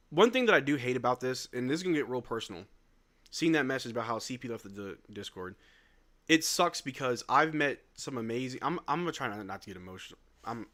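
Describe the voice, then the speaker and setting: A man's voice: mid-range voice, pushed and bright. A man hosting a live sports stream, talking candidly and rambling to his viewers with casual slang and cursing. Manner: candid, rambling, repeats himself.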